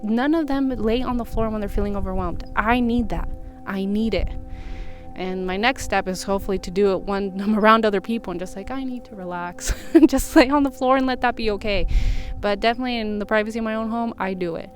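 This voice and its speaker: A young woman in a casual vlog, talking gently and reflectively about kindness to herself, with soothing asides. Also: mid-range voice, brisk, faint music behind. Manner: gentle, reflective, soothing when quoting self-talk. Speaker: vlogger. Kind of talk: casual self-help talk to camera.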